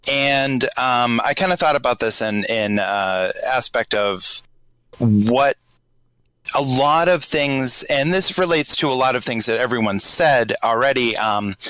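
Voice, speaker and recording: A man with a light Boston accent chats casually on a podcast panel, working through his thoughts aloud. His voice is bright and forward at a middling pitch. The sound is dry and close, with no room echo. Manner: grows animated telling a scenario. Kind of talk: casual group chat.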